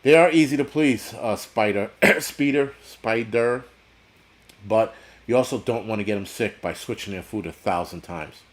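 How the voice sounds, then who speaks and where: A man's voice: lowish voice, normal speed. A man hosting a casual livestream, reading viewer chat and ranting bluntly, with constant swearing and rambling asides. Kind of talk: casual profane livestream rant.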